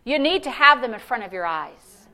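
A woman pastor preaching a sermon, animated and conversational, asking the congregation questions. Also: fairly high pitch, normal speed. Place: church service.

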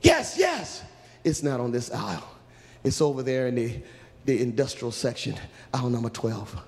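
A preacher voicing an angel disguised as a regular man, speaking low and quiet. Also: steady tone, normal speed, long reverb tail, lightly acted. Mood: calm.

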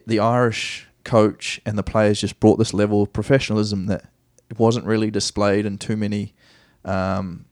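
Kiwi man, podcast guest, low voice, dry close sound, casual storyteller who loops back on himself. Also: darkish tone, no echo. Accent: New Zealand. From New Zealand. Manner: rambling, self-correcting anecdotes with easy laughs. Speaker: guest soccer player.

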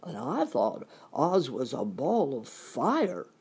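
A timid storybook lion speaks hesitantly, as a woman reads him. The voice is low, husky and slow. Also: wildly swooping pitch, a little mellow, heavily acted. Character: cowardly male lion, hesitant.

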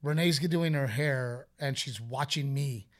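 A man co-hosting a podcast in casual chat, a joking, animated storyteller who swears freely. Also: medium pitch, measured pace. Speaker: podcast co-host.

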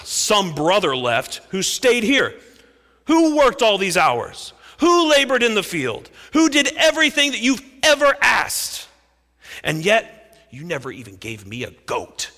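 A man's voice: high voice, huge pitch swings, a little slow, bright, forceful tone, pitched above the performer's own voice, full character voice. A male preacher acting out a resentful, furious older brother, a hardworking farm son, in a raised and emphatic voice. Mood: indignant. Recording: echoey hall reverb.

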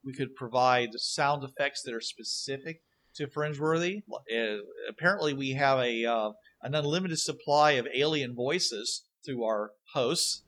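A man's voice: mid-range voice, a little slow, fairly bright tone. A man co-hosting a gaming podcast, talking casually with many fillers and restarts. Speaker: podcast co-host.

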